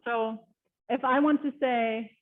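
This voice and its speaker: A woman speaking casually as a guest speaker in an online webinar, chatty and quick to laugh. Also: fairly high pitch, steady tone. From Canada. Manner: chatty, laughs often, lots of fillers. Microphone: video call. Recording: tinny phone-like call audio.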